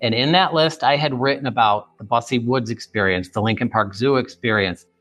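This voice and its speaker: Faint music plays behind a mid-range, slightly bright male voice speaking at normal speed, with no room sound. He's a book author in his fifties from the Chicago area, a podcast guest vividly recounting an emotional personal story and acting out the dialogue as he recalls it.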